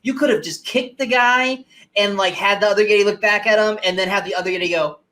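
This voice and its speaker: A man's voice: high-pitched, fairly even intonation, fast, bright, forceful tone. Ranting, profane male movie podcaster. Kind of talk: casual movie review chat.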